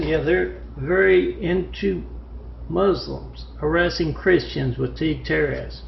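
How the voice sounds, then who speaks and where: A man delivering an agitated, rambling monologue, halting often with fillers. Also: fairly high pitch, creaky, noisy background. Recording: echoey, muffled lo-fi room recording.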